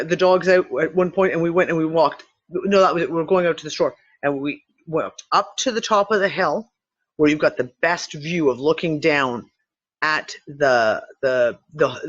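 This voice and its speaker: A man's voice: high-pitched, fairly bright tone, dull audio. A man hosting a casual online discussion, rambling and swearing freely as he talks. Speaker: host.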